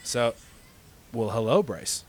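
A young man co-hosting a casual podcast, telling a long story with many pauses and "uh"s. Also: mid-range voice, lively intonation, noisy background. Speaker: podcast co-host.

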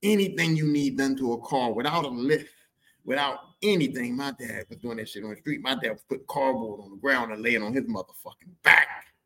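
Profane, bright-voiced male storyteller. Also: mid-range voice, breathy edge. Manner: profane, animated, repeats lines for emphasis. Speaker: podcast host. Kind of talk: comic storytelling monologue.

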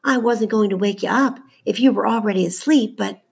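A woman's voice: mid-range voice, brisk, vocal fry, husky. A woman voicing an anxious, fretful young girl who pleads in a raised voice, reading a storybook. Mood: pleading. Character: anxious fretful girl, older sister figure.

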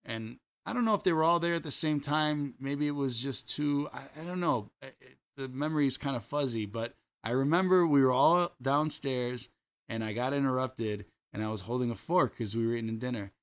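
A man's voice: mid-range voice, fairly quick, a bit bright, clean tone. Chicago guy just chatting on a podcast, rambly, lots of "like" and "you know". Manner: rambling storyteller, many fillers and restarts. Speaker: podcast co-host. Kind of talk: casual chat.

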